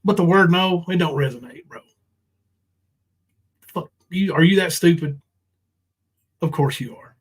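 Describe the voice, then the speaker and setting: A man's voice: high-pitched, measured pace, long pauses, breathy edge, low-quality recording. A man ranting on a livestream, confrontational and profane, full of ums and restarts. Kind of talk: casual livestream rant.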